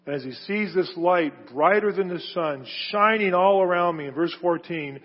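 A preacher with a fairly high, husky voice delivers an emphatic sermon, swelling on key words and then sinking to a hush. His voice rings with a long hall reverb, and the recording sounds dull and lo-fi. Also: normal speed. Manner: emphatic, builds to loud stressed phrases then drops low.

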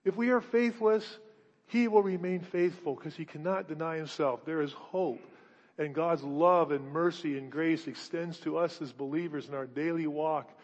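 A fairly high-voiced male pastor preaching in a long-echoing church hall, heard through a dull, muffled recording. He drives his points home with repeated words and rhetorical questions, swinging from loud declarations to quiet, intimate asides. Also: normal speed. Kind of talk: sermon.

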